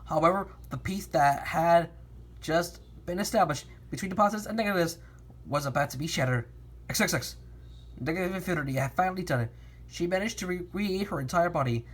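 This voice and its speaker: Storybook reader, woman, husky and animated, frequent restarts. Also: fairly low pitch, fairly quick. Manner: lively, with frequent restarts and stumbles. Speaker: narrator reading a fan story. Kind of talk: storybook reading.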